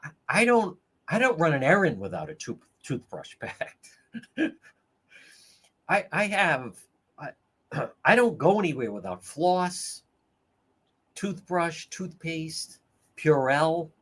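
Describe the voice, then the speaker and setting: A man's voice: fairly high pitch, slow pace, pauses often, breathy edge. A man hosting a livestream, telling stories in a casual, profane, laughing way. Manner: profane, laughing, animated storytelling. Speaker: livestream host.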